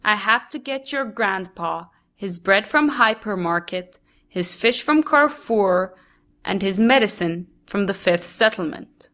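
A woman's voice: lively intonation, unhurried. A woman voicing a busy, doting older grandmother who fusses over her family. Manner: fussy, affectionate, higher and louder than the narration.

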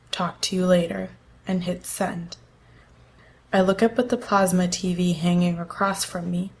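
Woman narrating a first-person story, low-pitched. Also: a little mellow.

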